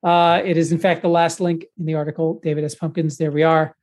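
Playful high-voiced man gloating at a game. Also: little pitch movement, fast talker, a little mellow. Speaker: podcast co-host. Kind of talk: casual game banter.

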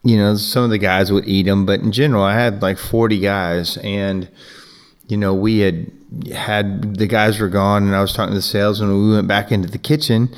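Low-voiced man telling a rambling story. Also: fairly even intonation, fairly quick, smooth. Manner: rambling, with frequent "you know" and restarts. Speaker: business owner hosting a podcast. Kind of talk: casual storytelling.

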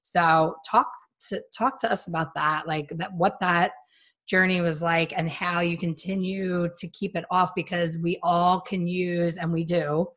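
A woman in her fifties, a hairstylist hosting a casual chat, telling stories in an animated way and acting out quotes. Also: on the low side, measured pace. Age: 50s. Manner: animated storyteller who acts out quotes. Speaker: hairstylist and podcast host.

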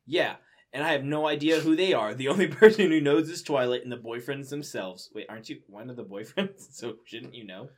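A man's voice: medium pitch, brisk. A young man reading fan fiction aloud in a casual, amused way, with incredulous asides between the lines. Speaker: reader.

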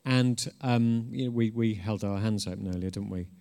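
A man's voice: fairly low pitch, moderate pace, vocal fry, warm tone, smooth. A man preaching a conversational sermon. He is informal and earnest, restarts often, and swells into emphatic bursts.

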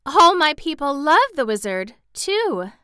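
A woman voicing a gracious young fairy princess in an audiobook, speaking gently and with measured courtesy. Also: a little high, animated, clean tone, dry recording, studio quality, voice pushed up. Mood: amused. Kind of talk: audiobook character reading.

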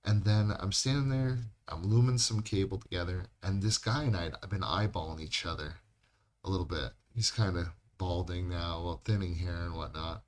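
A man's voice: sits low, normal speed, darkish tone, a little hiss or hum. A man co-hosting a podcast, telling rambling, profane stories in casual chat. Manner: rambling, swears a lot. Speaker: podcast co-host.

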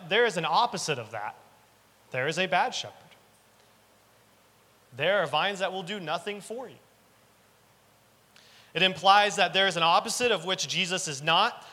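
A man delivers an earnest sermon, restating each key line for weight. His voice sits a bit high and sounds bright and forceful. It carries in a church hall with a long reverb tail. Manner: earnest, repeats key lines for emphasis. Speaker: preacher.

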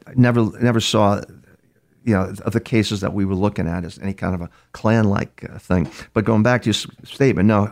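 Guesting in an interview, an older criminal profiler spins conversational stories full of restarts and repeated words. He speaks in a gravelly, fairly low-pitched voice with a darkish tone.

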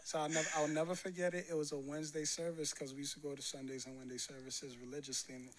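A man's voice: a little high, fast, over a noisy crowd. A man from Brooklyn telling a personal story in a casual chat, acting out the voices he quotes. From Brooklyn, New York. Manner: animated storyteller, acts out quoted voices with laughter. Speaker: guest telling his love story.

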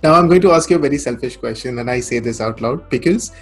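A man hosting a podcast interview, asking questions slowly and politely, halting as he goes, over a video call. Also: mid-range voice, breathy edge, faint music behind. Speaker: podcast host. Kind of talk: interview conversation.

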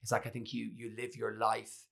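A man hosting a conversation, gentle and reflective. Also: fairly low pitch, a little fast, vocal fry. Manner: gentle, turns animated when storytelling. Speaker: host. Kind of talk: podcast conversation.

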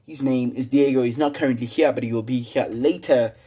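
Teenage boy, husky voice, rambling casual vlog story, slangy, lots of fillers. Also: mid-range voice, steady tone, brisk, mellow. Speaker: vlogger.

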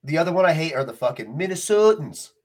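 A man's voice: a little high, lively intonation, fast talker, a little mellow. A man co-hosting a casual podcast, blunt and ranting, swearing freely. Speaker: podcast co-host. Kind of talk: casual profane chat.

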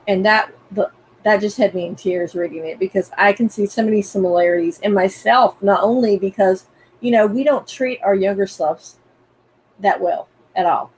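A woman from North Carolina hosts an interview, asking questions in an easygoing conversational way. Her voice sits at a middle pitch. Faint background noise sits under the recording. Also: darkish tone, poor audio. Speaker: podcast host.

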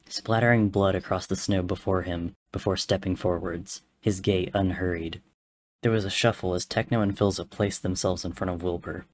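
Deep-voiced man reading a story somberly. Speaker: story reader. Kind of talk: audiobook narration. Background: faint music.

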